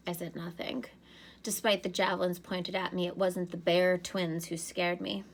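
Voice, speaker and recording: A woman teacher reading a novel aloud to her students in an expressive storybook manner. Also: fairly low pitch, normal speed.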